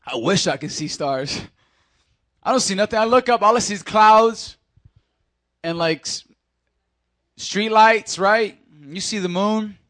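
A man's voice: sits high, a little slow, pauses often, fairly bright tone, no room sound. A man preaching in a casual, conversational way, speaking directly to his congregation and acting out Bible scenes. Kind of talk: sermon.

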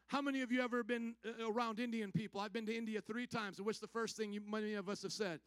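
A man's voice: high voice, fairly even intonation, quick pace, hardly any pauses, fairly bright tone, no echo. A man pastor preaching a sermon to his church, firing rhetorical questions and rhythmic call-and-response lines at the congregation.

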